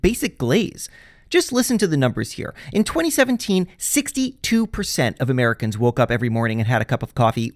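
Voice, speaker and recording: Wry, animated male podcast host. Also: high-pitched, dry recording, studio quality. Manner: wry, jokey, animated storytelling. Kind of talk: scripted podcast narration.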